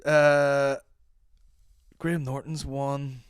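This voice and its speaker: A man's voice: mid-range voice, level tone, drawn-out words, smooth, dry recording, clean studio sound. An Irish man hosting a solo podcast, joking and swearing, and slipping into mock accents. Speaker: podcast host.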